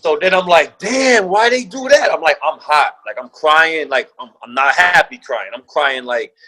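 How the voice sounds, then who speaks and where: A man's voice: fairly high pitch, normal speed, pushed and bright, low-quality recording. A man guest telling a story with slang and profanity, acting out the quoted voices of other people. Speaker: guest, former pro basketball player. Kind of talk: animated storytelling.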